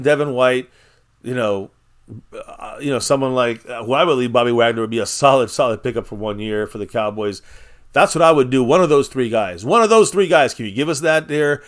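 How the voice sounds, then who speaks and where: A man hosting a casual live-stream chat, rambling and blunt, swearing freely and reading viewers' comments aloud. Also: medium pitch.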